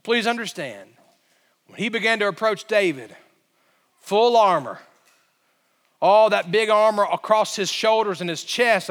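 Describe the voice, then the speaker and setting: A man's voice: high-pitched, fairly bright tone, in a large hall. A male pastor delivering a sermon in a church sanctuary, telling the story dramatically and building to emphatic peaks.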